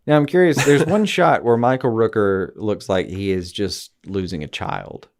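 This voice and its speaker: A man co-hosting a podcast in casual chat, animated, swearing freely and slipping into quick mimicked voices. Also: on the low side. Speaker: podcast co-host.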